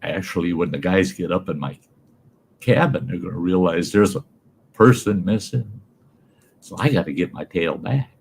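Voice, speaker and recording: A man's voice: deep voice, darkish tone, slight background noise. A man host telling a folksy, salty story about his own past.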